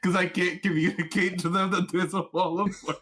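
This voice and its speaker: A man chatting as a player in a tabletop game over voice chat, in a bright, slightly high voice. He jokes around casually and laughs often. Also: level tone, fairly quick, a little hiss or hum.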